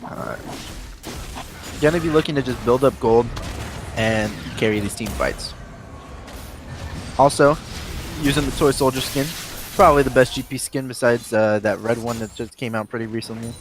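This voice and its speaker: Laid-back Texan game caster. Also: male voice, mid-range voice, normal speed, pauses often, noisy background. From Texas, Houston area. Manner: laid-back, joking, trailing off with uh and like. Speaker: esports caster. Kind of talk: live game commentary.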